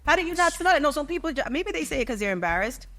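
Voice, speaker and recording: A woman's voice: sits high, big pitch swings, racing, a bit bright. A woman in her thirties co-hosting a podcast in casual chat, assertive and blunt, telling stories with profanity. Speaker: podcast co-host.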